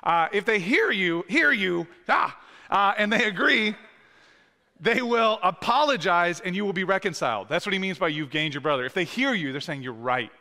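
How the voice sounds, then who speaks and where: This thirtysomething man has a high, expressive voice with a sharp tone and normal speed. He preaches in a loose, conversational style full of fillers and restarts, recorded in a church sanctuary with long, echoing reverb.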